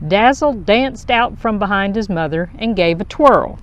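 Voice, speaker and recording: A woman reading a children's picture book aloud in a slow, expressive storytelling voice. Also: medium pitch.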